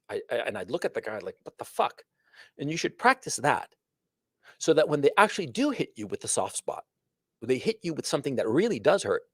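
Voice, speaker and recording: A man's voice: fairly high pitch, dry recording, clean studio sound. A middle-aged man streaming a casual monologue, lecturing emphatically with lots of swearing and repeated "see?" and "okay?". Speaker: streamer commenting on another show.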